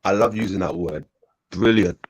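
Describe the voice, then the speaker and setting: A young man chatting casually, excitable and quick to laugh. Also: low voice, slightly rough, no echo. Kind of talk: casual chat.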